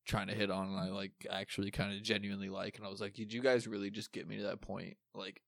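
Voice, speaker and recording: A young man with a low voice recounts a wild night in loose, profane chat, jumping into the voices of the people in his story. The recording is dry and close, with no room sound. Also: quick pace, creaky, no echo. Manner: animated, swearing, acts out quotes.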